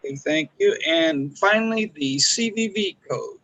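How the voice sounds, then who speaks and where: A man's voice: sits high, expressive, unhurried, a bit bright, lo-fi sound. A man doing a sales call role-play, polite and following a script. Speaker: trainee recruiter.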